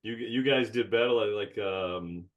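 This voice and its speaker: Lower-voiced man co-hosting a podcast. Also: a little slow, narrow, tinny audio. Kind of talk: casual podcast conversation.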